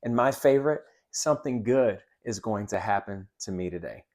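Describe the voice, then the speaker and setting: A man's voice: fairly low pitch, lively intonation, moderate pace, darkish tone. A man teaching sales greetings in an upbeat, coaching manner, now and then acting out sample lines. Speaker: sales trainer. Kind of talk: instructional talk with role-play demos.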